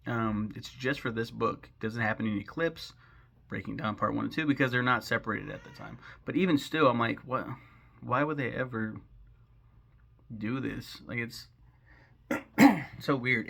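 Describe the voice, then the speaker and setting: A man's voice: medium pitch, unhurried, gravelly, long pauses, pushed and bright. A man giving a casual, rambling film recap, sarcastic and swearing freely as he goes. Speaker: film commentary host.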